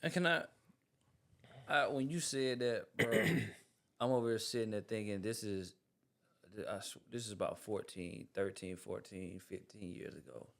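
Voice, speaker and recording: A man co-hosting a podcast who tells a personal story in an animated way, dropping quiet and then rising loud. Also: fairly low pitch, a little slow, gravelly. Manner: animated, swings from hushed to loud. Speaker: podcast co-host. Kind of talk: casual storytelling.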